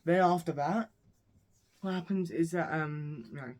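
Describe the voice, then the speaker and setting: A man's voice: fairly high pitch, a little slow, darkish tone. Rambling man retelling a film plot. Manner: rambling, meandering, self-correcting retelling. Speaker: movie reviewer. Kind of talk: casual plot recap.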